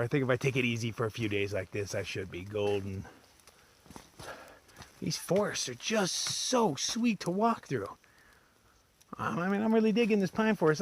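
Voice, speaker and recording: A man's voice: mid-range voice, fairly bright tone, slight background noise. A man chatting casually to his camera while hiking a forest trail alone. He rambles in a laid-back way and swears freely. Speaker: solo long-distance hiker. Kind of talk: casual vlog chat.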